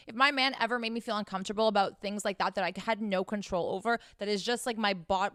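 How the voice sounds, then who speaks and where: A woman's voice: a little high, fairly bright tone, no echo, clean studio sound. Brash, profane young woman giving advice. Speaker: podcast host giving sex advice. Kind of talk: blunt advice monologue.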